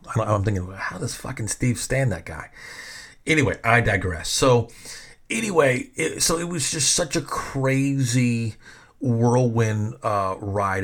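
A middle-aged man telling stories in a casual, rambling way, with lots of swearing, restarts and quoted voices. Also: medium pitch. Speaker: storyteller recalling wrestling events. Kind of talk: casual storytelling.

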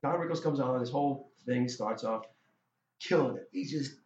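A middle-aged man, a guest musician, telling a story in a casual interview, animated and full of restarts and stammers. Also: mid-range voice, normal speed. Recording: roomy, dull lo-fi sound.

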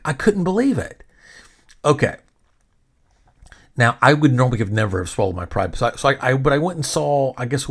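Rambling, profane man telling a story. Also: mid-range voice. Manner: rambling, profane and indignant, full of restarts. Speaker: podcast host. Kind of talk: casual storytelling monologue.

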